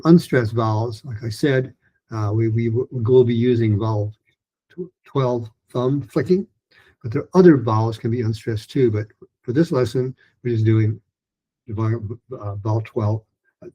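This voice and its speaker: Male pronunciation teacher, husky tone, warm and mellow, loose chatty delivery with restarts. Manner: chatty, with many restarts and fillers; breaks into lively, higher-pitched drills of practice sentences. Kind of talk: recorded lesson.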